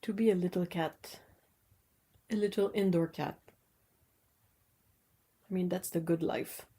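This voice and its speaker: A woman hosting a casual livestream from home, chatty and exclamatory with frequent laughs, cooing softly at her cats. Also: on the low side, fairly even intonation, measured pace, poor audio. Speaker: livestream host.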